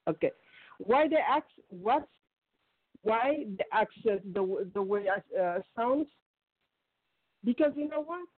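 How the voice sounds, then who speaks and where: Halting Ethiopian woman on the phone. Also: fairly high pitch, lively intonation, dry recording. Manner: halting, many restarts and fillers. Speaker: guest caller. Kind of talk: radio call-in interview. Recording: tinny phone line.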